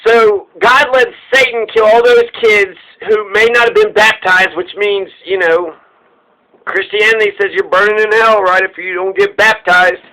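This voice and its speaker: High-voiced, profane, irreverent man. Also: steady tone, normal speed, sharp tone, low-quality recording. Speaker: podcast host. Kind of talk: casual commentary.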